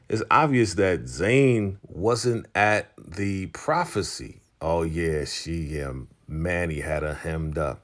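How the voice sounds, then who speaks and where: A man vlogging a casual TV episode recap, retelling scenes as quoted dialogue in a slangy, chatty way. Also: low voice. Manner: slangy, conversational.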